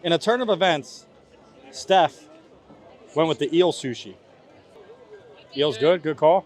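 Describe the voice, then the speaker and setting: A man's voice: a little high, lively intonation, takes it slowly, a little mellow. A young man hosting a casual food review vlog outdoors at a festival, complaining in a playful, dramatic way. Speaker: vlog host. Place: outdoors at a theme park festival.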